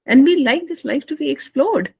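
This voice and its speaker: A woman's voice: high-pitched, animated, normal speed, gravelly, mellow, no room sound. A woman hosting a podcast, speaking politely and deferentially to her guests. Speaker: podcast host. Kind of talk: conversational hosting.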